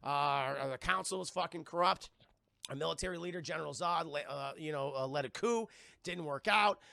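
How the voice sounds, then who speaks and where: A man's voice: fairly high pitch, creaky, fairly bright tone, no room sound. A man voicing a solemn alien father explaining his lost world, retold in a casual, profane way. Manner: casual, profane retelling of a grand speech.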